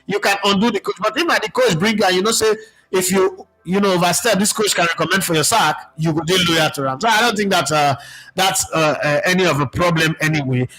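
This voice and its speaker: A man's voice: sits high, a little fast, sharp tone, faint music behind, poor audio. A man with a Nigerian accent hosting a casual football stream, chatting and reading out viewer comments. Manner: chatty, mixes Pidgin with English, reads out viewer comments. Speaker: football show host. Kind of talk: casual live-stream chat.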